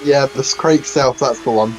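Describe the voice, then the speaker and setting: A man's voice: medium pitch, moderate pace, a little hiss or hum, rough recording. A man co-commentating a sim race in a casual, teasing way, with some hesitant restarts.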